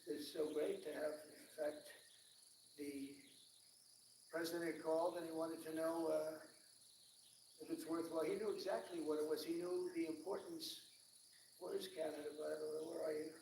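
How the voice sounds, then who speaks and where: A man's voice: on the high side, fairly even intonation, normal speed, creaky, long pauses, warm tone, a little hiss or hum. Rambling man speaking in an echoey hall. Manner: rambling, repetitive superlatives, ad-libbed asides. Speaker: head of state addressing foreign dignitaries. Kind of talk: off-the-cuff public speech. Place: large hall at a formal gathering. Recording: echoey hall picked up from a distance.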